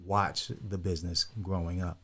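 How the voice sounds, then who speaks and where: An older man from California, a guest telling his story in a relaxed, rambling way with many fillers. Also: low-pitched, normal speed. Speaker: guest, insurance broker. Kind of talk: casual interview chat.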